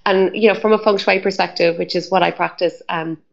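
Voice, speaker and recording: A woman's voice: lowish voice, fairly even intonation, brisk, gravelly, highs cut off. A woman telling her story as an interview guest, chatty and full of "like" and "um" fillers. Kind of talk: casual storytelling.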